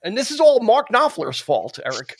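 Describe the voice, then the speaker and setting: A man hosts a podcast in loose, joking conversation. His voice sits high and swings widely in pitch, and he often trips over and restarts his words. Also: normal speed, gravelly, husky. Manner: animated, joking, stumbling restarts. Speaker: podcast host. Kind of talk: casual chat.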